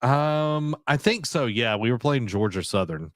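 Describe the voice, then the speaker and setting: A male podcast co-host chats casually about video games, rambling with many fillers and restarts. His medium-pitched voice is animated and a little slow, recorded with clean studio sound and no echo.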